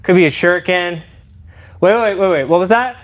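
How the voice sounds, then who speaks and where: A man live-streaming a demonstration of improvised weapons. He talks to his chat in an excitable, playful way. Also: high-pitched, fairly quick. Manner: excitable and playful, addressing viewers directly.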